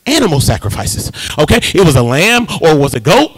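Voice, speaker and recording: A man preaching in a high, bright voice with a gravelly rasp running through it. He swoops all over his range, lifting into sing-song rises as he jokes and calls out to the congregation in a church sanctuary. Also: brisk, rough recording. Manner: lively call-and-response preaching with humor and sing-song rises. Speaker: pastor. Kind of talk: sermon.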